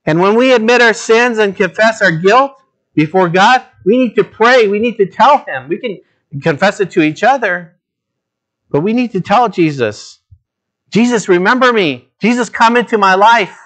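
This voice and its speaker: A man's voice: lively intonation, fairly bright tone. Earnest male pastor preaching with dramatic contrasts. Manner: dramatic shifts between low, slow emphasis and raised, urgent appeals; earnest, direct address to listeners. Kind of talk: sermon.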